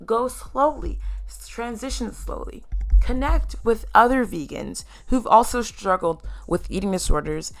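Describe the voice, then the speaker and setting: A woman's voice: on the high side, measured pace. A woman vlogger talking candidly and emphatically to her viewers, addressing them directly. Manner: candid and emotional, sometimes tearful. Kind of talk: personal video talk to camera.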